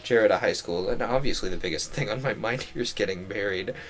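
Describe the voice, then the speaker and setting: A man's voice: lowish voice, brisk, a bit bright. A young man streaming, reading a visual novel aloud with joking, chuckling asides.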